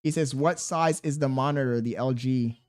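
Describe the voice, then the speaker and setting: A man's voice: mid-range voice, moderate pace, darkish tone. A man livestreaming casually, coaxing a baby in baby talk, reading viewer messages aloud and bantering with loose, profane slang. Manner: reads viewer messages aloud between remarks.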